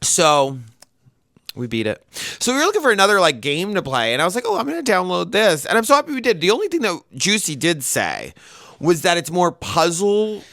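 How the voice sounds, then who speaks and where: A man co-hosting a podcast, chatting casually with lots of fillers and an animated delivery. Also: high voice, brisk, no room sound, clean studio sound. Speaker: podcast co-host. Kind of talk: casual chat.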